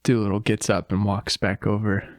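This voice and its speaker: A man co-hosting a podcast, casually retelling a film from memory in a brisk, joking way. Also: on the low side, flat delivery, no echo, clean studio sound. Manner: brisk, joking, acts out quotes. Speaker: podcast co-host.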